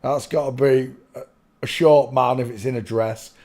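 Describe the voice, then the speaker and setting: A man's voice: medium pitch, fairly even intonation, moderate pace, warm tone. A man hosting his channel, rambling through casual commentary in a swearing, easily giggling manner. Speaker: channel host.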